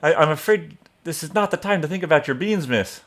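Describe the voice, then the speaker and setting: A man doing a flustered, high-voiced townsman. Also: lively intonation, fairly bright tone. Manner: high-pitched, rushed and fretful.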